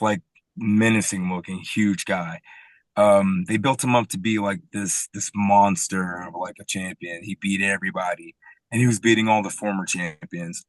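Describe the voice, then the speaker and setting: Deep, slow man, hesitant. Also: no room sound. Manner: hesitant, many fillers. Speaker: podcast guest, wrestler. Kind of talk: casual chat.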